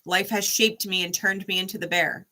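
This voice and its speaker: A woman's voice: medium pitch, fairly even intonation, moderate pace, sharp tone, lightly acted. A woman voicing a stubborn, wounded bear that refuses to change, talking back in a defiant, profane way.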